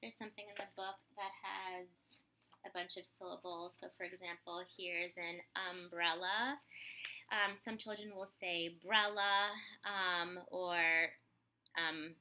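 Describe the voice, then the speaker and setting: A woman explaining speech therapy techniques to parents in a relaxed way, with many fillers, often stretching words out slowly to show their syllables. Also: fairly low pitch.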